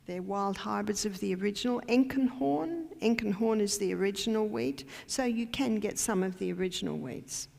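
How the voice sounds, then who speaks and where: A woman's voice: mid-range voice, moderate pace, gravelly, few pauses, a little mellow. An Australian woman giving a health lecture in a church hall, emphatic and quizzing her audience with questions. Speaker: health educator. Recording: long hall reverb.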